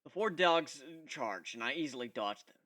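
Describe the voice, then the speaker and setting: A reader gives a dramatic first-person reading of a fan story at a normal speed. His voice is bright and lively, its pitch moving up and down freely.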